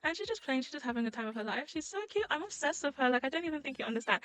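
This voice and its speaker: A young woman talks through a life-sim game in a loose, rambling commentary. Her voice sits a little high, and she keeps breaking into giggles and bursts of excited squealing. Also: racing, hardly any pauses, rough recording. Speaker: gaming YouTuber. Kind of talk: casual let's-play commentary.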